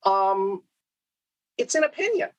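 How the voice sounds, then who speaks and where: Faint music plays behind a high-pitched man speaking slowly in a roughly recorded conference keynote. He's lively and questioning, asking rhetorical questions, restarting often, and checking in with "okay?"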